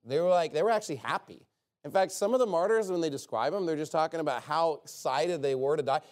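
A man's voice: fairly high pitch, quick pace, a little mellow. A man preaching an informal sermon in a sarcastic, rambling way with joking asides.

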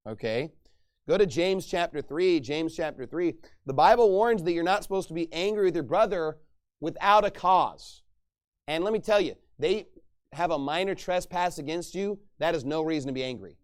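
Male preacher, slightly high voice, emphatic sermon delivery. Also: lively intonation, normal speed. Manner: emphatic, rising to loud bursts when acting out angry speech.

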